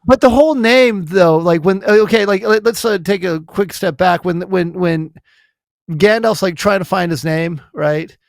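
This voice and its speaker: High-voiced guy cohosting a podcast, stammers and restarts a lot, super dry sound. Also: normal speed, no echo. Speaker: podcast co-host. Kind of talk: casual chat.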